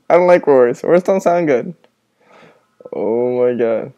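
A man's voice: medium pitch, animated, takes it slowly, pauses often, mellow. A man playing a horror game at night with a friend, commenting nervously and swearing into a headset at home. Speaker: gamer reacting to a horror game. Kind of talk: casual gaming commentary. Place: room at home with the lights on, at night.

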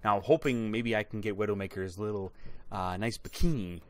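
A man giving excited, chatty commentary while opening game loot boxes, exclaiming loudly at good items and talking to his viewers. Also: fairly low pitch, fairly quick. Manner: chatty, addresses viewers as guys. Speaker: gaming YouTuber.

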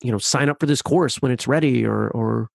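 A man's voice: medium pitch, fairly quick, vocal fry, darkish tone, no room sound, studio quality. A man hosting an interview podcast, speaking with empathy and repeating words as he gathers his thoughts. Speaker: podcast host. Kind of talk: casual interview.

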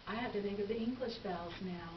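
A woman's voice: mid-range voice, quick pace. A woman in casual conversation, reflective, thinking aloud with frequent "you know". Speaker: language learner and co-host. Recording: dull lo-fi sound with crowd noise.

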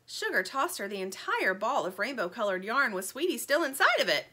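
Woman narrator for a kids' book, high voice, very lively delivery. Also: fairly quick, hardly any pauses, slightly rough. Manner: expressive, animated storytelling. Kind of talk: reading a children's story aloud.

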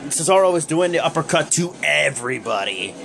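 Rambling young man with lively pitch. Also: a little fast, creaky. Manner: rambling, joking, many fillers. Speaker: host of a wrestling review vlog. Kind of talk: casual recap talk. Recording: noisy background hum.

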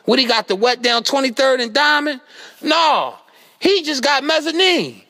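A man rants in a comedy outro, exasperated and cursing constantly. His voice sits high and bright, with wild swings in pitch as he keeps jumping into loud outbursts. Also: normal speed. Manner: animated, exasperated, swearing constantly, breaks into yelling. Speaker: comedic rapper doing an outro skit. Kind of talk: profane comedic rant.

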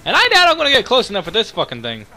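Excitable young man narrating gameplay. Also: sits high, racing, a little hiss or hum. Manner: excitable, swears a lot, reacts loudly. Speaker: gaming channel host. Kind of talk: live gameplay commentary.

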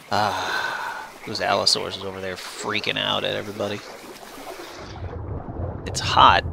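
A man hosting a gaming channel, giving casual let's-play commentary and cooing baby talk at the animals he tames. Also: medium pitch. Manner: chatty, coos baby talk at his pets. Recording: clear background noise with game sounds.

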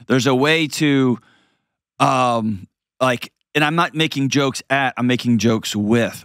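A man hosting a call-in advice show, talking in an animated way with quick asides and restarts. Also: medium pitch, no echo, studio quality. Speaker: host giving advice.

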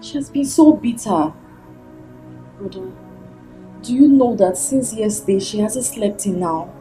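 A woman's voice: medium pitch, animated, unhurried, warm tone, soft background music, natural voice, poor audio. An actress playing a worried woman with a Nigerian accent, pleading for help for her sister.

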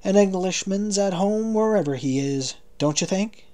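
A man's voice: sits high, expressive, normal speed, dark tone, pitched above the performer's own voice. A man voicing a reserved young English officer prisoner who speaks dryly and coolly. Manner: dry, understated, cool.

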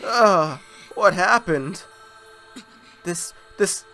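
A young adult host giving jokey, animated commentary over a video game playthrough, often talking back to the game. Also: mid-range voice, normal speed, long pauses, faint music behind. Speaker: let's play host.

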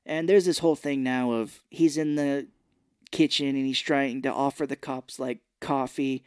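Recorded cleanly in a studio with no echo, a man's clear, medium-pitched voice moves at a moderate pace. As a podcast co-host, he recaps a movie in casual conversation, performing the characters' quotes as he tells the story.

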